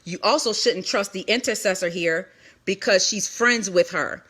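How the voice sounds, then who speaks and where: Woman, bright, forceful tone, candid testimony, emphatic, repeats herself. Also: mid-range voice, slightly rough. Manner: emphatic, repetitive, quick restarts. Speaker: ministry leader speaking to an online audience.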